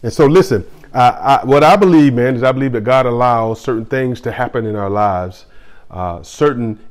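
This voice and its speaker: A man's voice: medium pitch, moderate pace. A middle-aged man, a pastor, giving a sermon in a conversational way, often repeating phrases and restarting.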